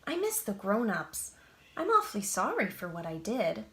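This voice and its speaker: A woman's voice: mid-range voice, huge pitch swings, normal speed, sharp tone, roomy sound, voice pushed down. A woman voicing Mister Caper, a lonely, apologetic storybook caper who feels sour and unloved. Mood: glum. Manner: glum and apologetic.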